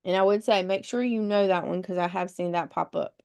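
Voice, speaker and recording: A woman's voice: lowish voice, brisk, creaky, a little mellow, clear, resonant tone. A woman leading a test-prep webinar, patiently explaining rules step by step and spelling words out letter by letter. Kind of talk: live webinar teaching.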